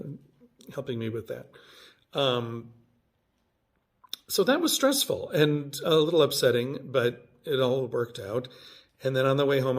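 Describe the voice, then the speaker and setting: Rambling man in his fifties. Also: mid-range voice. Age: 50s. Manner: rambling, self-correcting, animated when quoting himself. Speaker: vlogger. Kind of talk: casual storytelling vlog.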